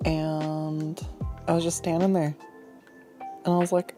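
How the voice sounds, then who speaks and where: A streamer chats loosely while drawing, rambling through an anecdote with frequent swearing and laughter. The voice sits in a middle pitch. Soft music plays quietly behind. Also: little pitch movement, unhurried. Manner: rambling, profane, laughs often. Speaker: artist and streamer. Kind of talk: casual storytelling while drawing.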